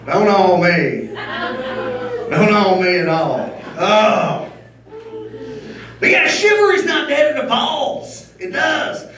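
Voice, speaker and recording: Middle-aged guy doing standup, bright high voice, swoops all over, big echo from far back. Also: slow, long pauses. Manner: loud, animated, punchy jokes with shouted bursts. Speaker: stand-up comedian. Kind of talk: stand-up comedy set. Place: comedy venue stage before a live audience. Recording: echoey room from far off.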